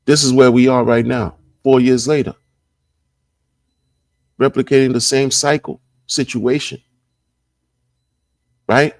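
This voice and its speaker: Gravelly, emphatic man hosting a livestream. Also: medium pitch, fairly even intonation, slow, long pauses, no room sound, studio quality. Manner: emphatic, repeats phrases, slangy. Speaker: crypto livestream host. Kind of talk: casual livestream commentary.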